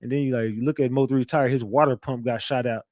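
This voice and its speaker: Talking fast in a mid-range, slightly mellow voice with fairly even intonation, this livestream host keeps things casual and profane. He repeats himself and reads out messages from viewers. The sound is clean studio quality with no echo.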